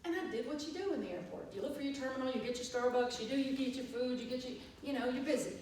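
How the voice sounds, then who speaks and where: A woman minister, telling a lively story in a sermon and acting out the dialogue with laughter. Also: high voice, fast talker, a little hiss or hum. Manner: animated, acts out dialogue with laughter. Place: church sanctuary. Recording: echoey hall, far from mic.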